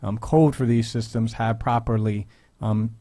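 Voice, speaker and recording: Earnest measured man hosting radio. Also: fairly low pitch, steady tone, warm tone, no room sound, studio quality. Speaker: radio show host. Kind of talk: radio commentary. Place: radio studio.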